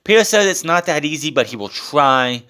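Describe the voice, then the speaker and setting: A man's voice: a little high, expressive, moderate pace, sharp tone, clear, resonant tone. A man recapping a show in a casual, blunt and sarcastic way, with swearing and filler words. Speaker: wrestling show reviewer.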